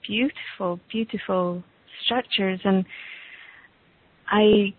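A woman talks as a guest on a call, slowly and with many pauses as she looks for the right words. Her voice is squeezed through a tinny phone line. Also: medium pitch, fairly even intonation, breathy edge. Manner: slow, halting, searching for words. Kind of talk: casual conversation on a call. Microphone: call audio.

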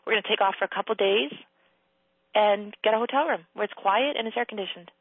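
A woman hosting a casual coaching conversation, giving blunt advice, swearing freely and acting out quotes in a high playful voice. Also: fast talker, slightly rough, no room sound. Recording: tinny phone-line sound.

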